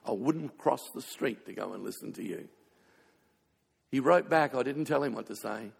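Gravelly-voiced preacher man in a hall. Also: mid-range voice, expressive, moderate pace. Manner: storytelling with sudden swings between loud and hushed. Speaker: pastor. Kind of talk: sermon. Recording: reverberant hall.

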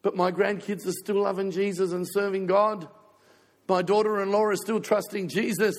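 A man's voice: high voice, flat delivery, normal speed, long reverb tail. An older man preaching a sermon as a pastor, telling a heartfelt personal story in an emotional way, fighting back tears.

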